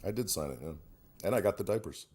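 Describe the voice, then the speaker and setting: A man's voice: low voice, quick pace, slightly rough. A middle-aged man co-hosting a podcast, telling stories in a loose, swearing, casual chat. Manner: animated storyteller, swears freely. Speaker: podcast co-host.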